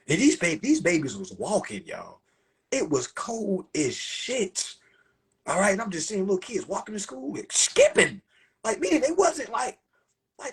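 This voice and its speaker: A young Southern man from South Carolina telling a profane, animated story to his livestream viewers. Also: fairly high pitch, slightly rough. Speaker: livestream host. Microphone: phone.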